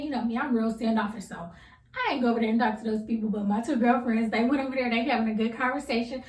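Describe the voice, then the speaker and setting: A woman in her thirties chatting casually to camera, telling a rambling story with relaxed slang. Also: on the high side, quick pace. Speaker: vlogger. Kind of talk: casual get-to-know-me chat. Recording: roomy sound from a distance.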